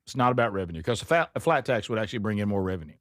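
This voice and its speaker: A man hosting a talk radio show, speaking emphatically with quick opinionated asides in casual banter. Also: lowish voice, lively intonation, fairly bright tone, dry recording, clean studio sound.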